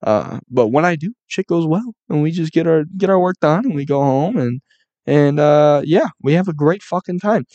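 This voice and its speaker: A man's voice: fairly high pitch, animated, normal speed, warm tone, no echo, dull audio. A young man who works as a construction painter, ranting casually and rambling, with heavy swearing and lots of "like" fillers. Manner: profane, rambling, many "like" fillers.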